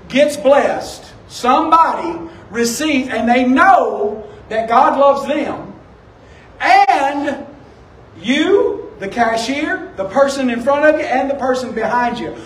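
A man, a pastor preaching a sermon and telling stories in a loose, conversational way. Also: very high voice. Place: church sanctuary. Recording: echoey room, distant from the mic.

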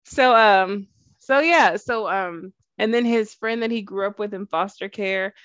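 A woman's voice: mid-range voice, unhurried, fairly bright tone, clear, resonant tone, no echo, lo-fi sound. Chatty woman podcast co-host, dry sound. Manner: chatty, laughs often, acts out quotes. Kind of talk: casual chat.

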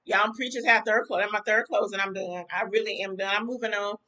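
A woman's voice: mid-range voice, fairly even intonation, brisk, sharp tone, rough recording. A woman hosting a talk podcast, giving fired-up, preachy commentary to her listeners. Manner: preachy, fired-up, talks straight to listeners as y'all. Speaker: podcast host. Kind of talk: casual commentary to a live chat.

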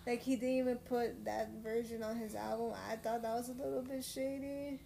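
A woman's voice: a little high, flat delivery, normal speed, creaky, warm tone, a little hiss or hum. A woman co-hosting a podcast, speaking frankly and teasing her co-host in casual chat. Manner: frank, teasing, matter-of-fact.

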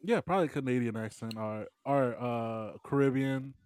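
A man in easygoing podcast conversation, pausing often and restarting his thoughts with fillers. His voice sits in a middle pitch and comes across close and dry, with no room sound. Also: a little mellow, smooth, no room sound. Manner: hesitant, many fillers and restarts. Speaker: podcast co-host. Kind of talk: casual chat.

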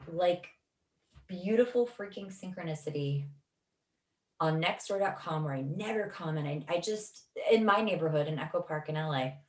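A woman tells a rambling personal story in an emotional, profane way. Her voice sits a little low, and it is heard from some distance in a roomy, echoing space. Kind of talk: casual spoken storytelling. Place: Los Angeles. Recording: echoey room, distant from mic.

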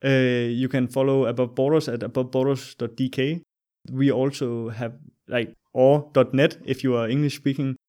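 A man speaking English with a Danish accent, chatting loosely as a podcast guest with many fillers and pauses. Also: mid-range voice, fairly even intonation, warm tone. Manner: friendly, loose, hesitant with fillers. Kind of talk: casual interview chat.

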